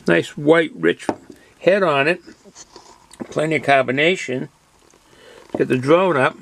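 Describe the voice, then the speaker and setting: A man's voice: on the high side, takes it slowly, gravelly, a bit bright, slight background noise. A man with a Boston accent reviewing a beer in casual, rambling talk with many fillers and restarts.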